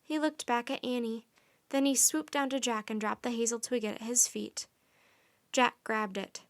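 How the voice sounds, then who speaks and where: A woman reading a children's story aloud in soft, even narration. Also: on the high side, moderate pace.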